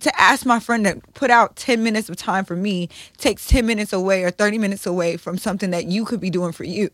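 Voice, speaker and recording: A woman's voice: mid-range voice, brisk, fairly bright tone, no echo, studio quality. A woman in her thirties co-hosting a podcast, talking candidly in a blunt, profane, emotional way. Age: 30s. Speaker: podcast co-host.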